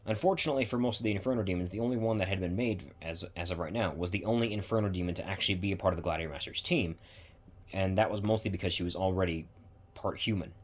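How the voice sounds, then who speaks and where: Deep husky man narrating a fan story. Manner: halting, with many restarts and self-corrections. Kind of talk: reading own fan story.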